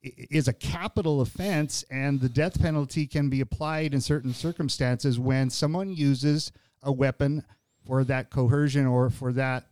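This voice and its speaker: A man's voice: medium pitch, fairly even intonation, normal speed, darkish tone, no echo. A man hosting a podcast, talking in a thoughtful conversational way and often restarting his phrases. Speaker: podcast host. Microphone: studio podcast mic.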